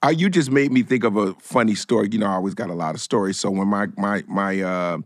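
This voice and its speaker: A man in casual storytelling chat, animated, his voice jumping into loud laughing squeals at the punchlines. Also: fairly low pitch, fast talker, no echo, clean studio sound.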